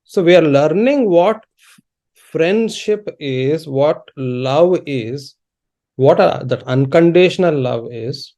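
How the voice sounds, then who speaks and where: A man giving an online spiritual lecture as a teacher, explaining in a measured, unhurried way with pauses, over a video call. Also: fairly high pitch, expressive, warm tone. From India. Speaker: teacher of Sanskrit and dharma.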